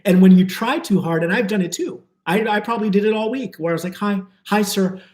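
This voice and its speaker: A man's voice: high voice, fast, darkish tone, reverberant. A man giving a live spiritual talk to his viewers, earnest and flowing, repeating words for emphasis. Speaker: spiritual teacher.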